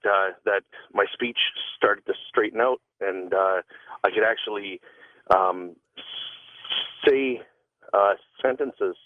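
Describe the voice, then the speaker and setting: Slow, halting male caller on a phone line. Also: on the low side, no echo. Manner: stuttering, halting with many fillers.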